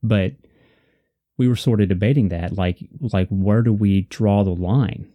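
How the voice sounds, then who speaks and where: A man's voice: fairly low pitch, a little slow, no echo, narrow, tinny audio. A man co-hosting a casual faith discussion, earnest and reflective, repeating points for emphasis. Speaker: podcast co-host.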